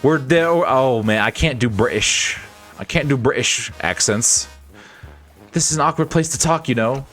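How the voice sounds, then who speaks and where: A man's voice: mid-range voice, moderate pace, a bit bright, faint music behind. A man streaming a game, reading its dialogue aloud and joking with his chat between lines in a playful, chuckling way.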